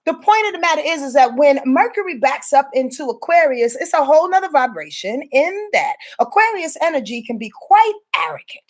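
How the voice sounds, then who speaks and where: A high-pitched woman talks through her weekly astrology forecast, loose and unscripted. She rambles, swears freely and darts into playful asides, her voice jumping up and down as she goes. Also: brisk, few pauses. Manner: rambling, profane, animated, with playful asides and sudden pitch jumps. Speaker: astrologer giving a weekly rundown. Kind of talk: casual spoken forecast.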